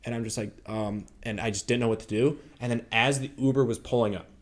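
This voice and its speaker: A man co-hosting a podcast, telling a personal story in a halting, reflective way full of fillers. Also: mid-range voice, fairly even intonation. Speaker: podcast co-host. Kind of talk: casual storytelling chat.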